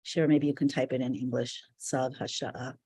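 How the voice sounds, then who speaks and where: A woman with a mellow, husky voice leads a live online spiritual class. She talks earnestly and reflectively, in loose, flowing phrases. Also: very deep voice, flat delivery, normal speed. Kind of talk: live online teaching session.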